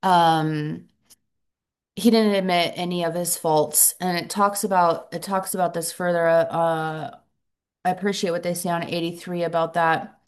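A middle-aged woman sharing her story at a support meeting, earnest and reflective, pausing often and restarting her sentences. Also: lowish voice, fairly even intonation. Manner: halting, earnest, reflective, many pauses and restarts. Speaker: recovery group member sharing.

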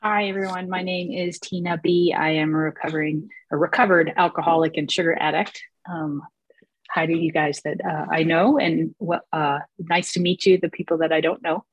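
A woman's voice: low voice, fairly even intonation, normal speed, breathy edge, no echo, dull audio. A woman sharing her story at a recovery meeting, hesitant, with many fillers and restarts. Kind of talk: personal share at a recovery meeting.

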